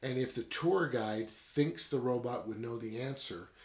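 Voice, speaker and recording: A man's voice: medium pitch, unhurried, roomy sound. A man casually retelling and reviewing a story in a rambling, conversational way. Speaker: book reviewer. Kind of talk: casual book review talk.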